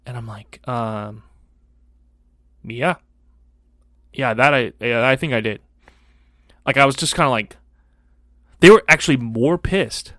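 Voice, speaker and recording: A man's voice: mid-range voice, slow pace, long pauses, no room sound. Profane man telling a story on a dry mic. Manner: animated, profane, acts out other people's lines. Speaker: podcast co-host. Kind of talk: casual storytelling chat.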